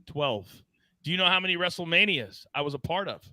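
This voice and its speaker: A man hosting a sports betting show, animated and teasing his co-hosts as he tells stories. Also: a little high, brisk, no echo. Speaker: host.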